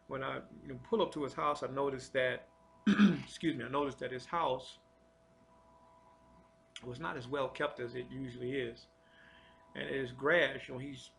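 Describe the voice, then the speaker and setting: A man telling a personal spiritual testimony in an earnest, confessional way, halting and often repeating his words. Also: medium pitch, gravelly, fairly bright tone, slight background noise. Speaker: storyteller sharing a personal testimony.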